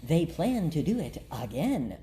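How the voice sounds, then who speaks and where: Introducing himself in a playful, grandiose way, a man hosting a casual podcast chat uses frequent "uh" fillers. His dark-toned voice sits on the high side, swings widely in pitch, and runs a little slow.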